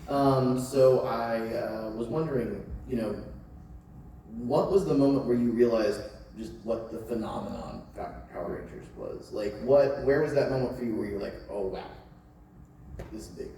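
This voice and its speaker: A man's voice: medium pitch, moderate pace, gravelly, mellow, a little hiss or hum. A man in the audience asking a question hesitantly, with many fillers. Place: large convention hall. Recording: echoey hall from far off, crowd behind.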